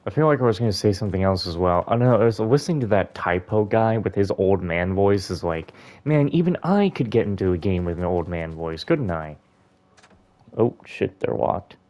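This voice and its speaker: Low-voiced man rambling over gameplay. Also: expressive, normal speed, darkish tone. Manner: chatty, musing, rambling. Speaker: gaming YouTuber. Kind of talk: casual let's-play commentary.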